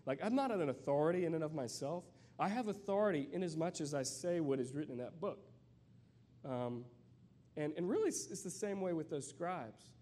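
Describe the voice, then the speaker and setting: A man giving a sermon as a guest preacher, conversational and searching, with many fillers and restarts, and reading scripture slowly. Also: on the high side, dark tone.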